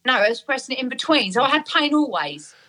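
A woman's voice: high voice, sing-song, fast, bright, forceful tone, slightly rough. A middle-aged woman in a casual chat, telling a story with lots of laughter and acted-out voices. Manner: chatty storyteller, laughing often, acts out voices.

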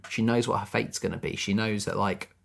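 A man's voice: on the low side, fairly quick, gravelly. A man co-hosting a podcast, chatting casually as he recaps a musical, with lots of "you know" and "like". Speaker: podcast co-host.

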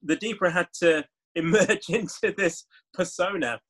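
A man, a guest author telling stories in an interview, animated and laughing often. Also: high voice, moderate pace. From Leeds, England. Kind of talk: interview conversation.

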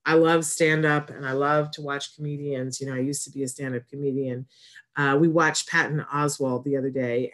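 A woman hosting an autism community show, talking to viewers in a casual, rambling way, often breaking off her sentences and then bursting out with emphasis. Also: sits low. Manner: rambling and warm-hearted, with frequent self-interruptions. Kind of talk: casual chatty monologue to viewers.

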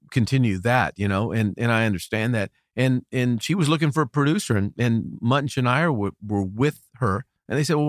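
A middle-aged American man, a record producer, tells stories in a relaxed interview, laughing easily and often starting his sentences over. His mid-range voice is recorded clean in a studio with no room sound.

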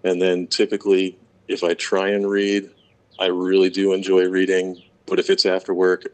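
Very deep-voiced relaxed man. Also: normal speed. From Florida, USA. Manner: relaxed, hesitant with many ums and uhs. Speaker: interview guest, pipe maker. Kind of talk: casual interview answers.

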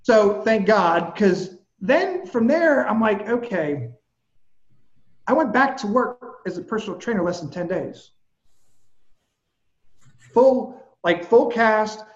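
This high-voiced man, a personal trainer appearing as a guest, slowly tells a lively story in casual podcast conversation. He's an animated, vivid storyteller who swears casually, and the lo-fi recording sounds roomy.

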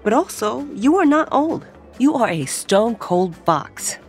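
An encouraging young friend with a lively voice that rises and falls as she cheers the others on. She keeps an upbeat tone. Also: on the high side, unhurried, faint music behind.

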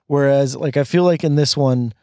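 A man in casual conversation reviewing a film, relaxed and opinionated, with lots of fillers. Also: medium pitch, moderate pace, no echo, clean studio sound. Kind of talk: casual movie review chat.

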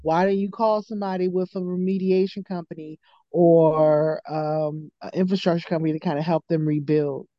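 A woman's voice: lowish voice, steady tone, moderate pace, dry recording. A woman co-hosting a podcast, speaking bluntly and matter-of-factly in casual chat. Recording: dull, muffled mic.

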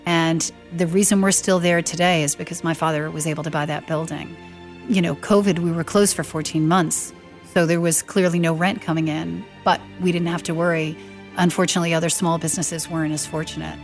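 Middle-aged woman, lower voice, lively storyteller who acts out dialogue, faint music underneath. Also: brisk. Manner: animated storyteller acting out quoted dialogue. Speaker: guest telling her late father's story. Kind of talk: storytelling interview.

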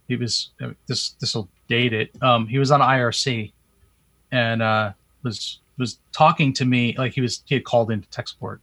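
A man's voice: mid-range voice, bright, forceful tone, dry recording. A man co-hosting a casual tech podcast, telling stories in a dry, hesitant way with many fillers. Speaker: podcast co-host.

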